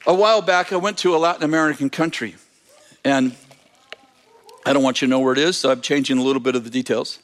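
A man, a preacher, telling a testimony story in an animated way, with frequent restarts and fillers. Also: medium pitch, fast, long pauses, slight background noise.

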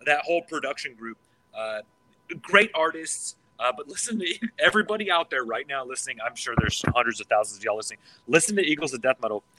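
An excitable man talking casually on a podcast, with a very bright, sharp-edged tone. He swears freely and trips over his words, restarting sentences again and again. His pitch sits in an ordinary middle range. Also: fast talker, poor audio. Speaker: podcast co-host.

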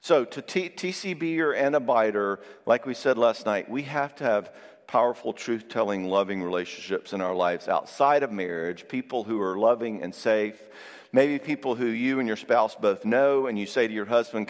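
A man giving a Christian marriage seminar. He talks in a conversational way, tags his points with "all right?" and tells lively personal stories. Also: on the low side, normal speed. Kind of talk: live seminar talk to an audience. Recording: long reverb in a large hall.

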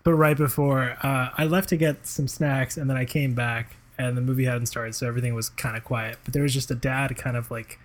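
A man's voice: medium pitch, fairly even intonation, brisk, hardly any pauses. A man co-hosting a podcast, telling laid-back anecdotes in a casual comedic chat. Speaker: podcast co-host.

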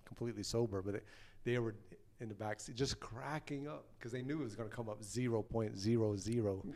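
A man's voice: lowish voice, a little fast. Man telling road stories animatedly. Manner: animated anecdotes, acting out quoted voices. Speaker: guest, touring band member. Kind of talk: casual storytelling.

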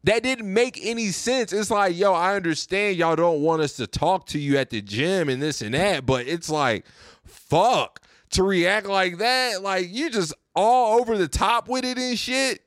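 A man's voice: high voice, lively intonation, a little slow, fairly bright tone, clean tone, no room sound, clean studio sound. A young man hosting his own podcast, ranting casually and profanely, often repeating himself. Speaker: podcast host. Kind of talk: casual rant.

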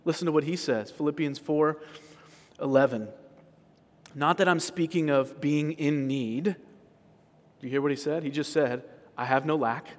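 A man preaching a sermon as pastor, talking conversationally with rhetorical questions and quick restarts. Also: a little high. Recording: sermon recorded in a large reverberant hall.

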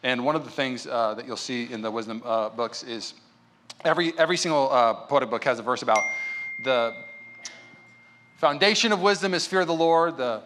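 A man's voice: medium pitch, brisk, fairly bright tone, slight background noise. A man, a pastor, giving a sermon in a church with an emphatic, conversational preaching style that mixes in stories. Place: church in front of a congregation.

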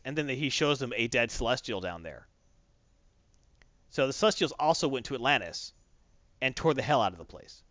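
A man chats casually and retells a comic story with lots of character quotes. His pitch swings widely. The audio is muffled and very dry. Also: brisk, no echo. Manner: animated, storytelling, quoting characters. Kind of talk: casual chat recapping a comic. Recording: dull lo-fi, dry.

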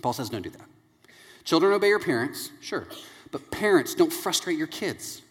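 A man in his thirties preaching a sermon, telling family stories and acting out their voices with lively energy. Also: a little high, normal speed. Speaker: pastor. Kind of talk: sermon with anecdotes. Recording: long hall reverb.

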